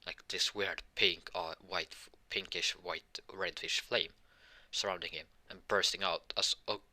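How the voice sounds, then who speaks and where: A man improvising a fan-fiction story out loud, rambling and halting with many restarts and self-corrections. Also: low-pitched, steady tone.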